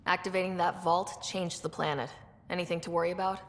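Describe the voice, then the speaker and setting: An actress voicing a brisk, direct young female explorer captain in a video game. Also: fairly low pitch, level tone, a bit bright. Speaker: game protagonist. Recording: game audio with reverb and music.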